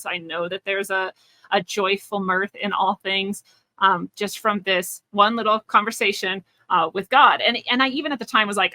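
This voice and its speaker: Bright-voiced woman telling a personal story. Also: mid-range voice, steady tone, normal speed, no room sound. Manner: earnest and searching, many restarts and fillers. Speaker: interview guest, spiritual teacher.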